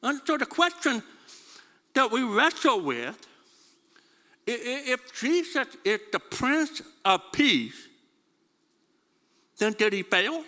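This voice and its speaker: A man's voice: very high-pitched, very animated, slow pace, long pauses, pushed and bright, long reverb tail. A man preaching a sermon, stumbling over repeated words and asking his congregation questions. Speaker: pastor.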